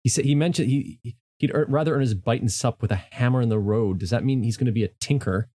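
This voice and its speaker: A man's voice: mid-range voice, quick pace, mellow. A man chatting casually as a co-host, thinking aloud and hedging his words. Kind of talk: casual chat.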